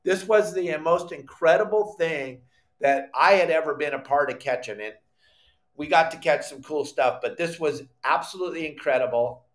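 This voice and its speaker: A middle-aged man hosting a live fishing podcast, telling a story with lively acted-out quotes and bursts of shouting. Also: a little high, normal speed. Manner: animated storyteller, acts out quotes, shouts when excited. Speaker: podcast host.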